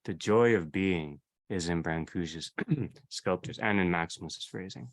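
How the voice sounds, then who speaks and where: Male seminar leader, slightly low pitch, measured reflective delivery, circles back on his own phrases. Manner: repeats and rephrases, unhurried. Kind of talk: reflective theology lecture.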